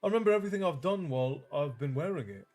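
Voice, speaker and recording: A man's voice: on the high side, expressive, rapid-fire, a little mellow, faint music behind, natural voice. A man reading aloud, voicing a troubled teenage wizard boy who answers defensively and firmly. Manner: defensive, firm.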